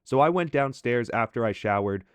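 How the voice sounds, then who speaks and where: Young male storyteller, mid-pitched, animated and profane, close dry mic. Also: moderate pace, clean tone, no echo. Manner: animated, swearing, acts out his own reactions. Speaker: storytelling commentary host. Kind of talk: casual storytelling over gameplay.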